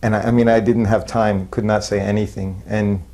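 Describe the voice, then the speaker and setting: A man unhurriedly recalling his years as a disciple, self-deprecating and chuckling softly. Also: fairly low pitch, flat delivery. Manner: unhurried, self-deprecating storytelling with soft laughs. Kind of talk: spoken reminiscence.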